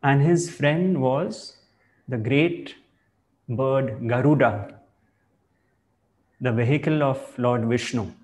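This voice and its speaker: A man giving a spiritual discourse as a teacher, in measured, reflective phrasing. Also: mid-range voice, darkish tone.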